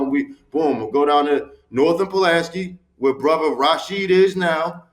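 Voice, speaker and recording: Animated man in his forties. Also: high voice, normal speed, hardly any pauses, reverberant. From Baltimore, USA. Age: 40s. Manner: animated, street-talking, profane, emphatic. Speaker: podcast guest. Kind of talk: candid storytelling interview.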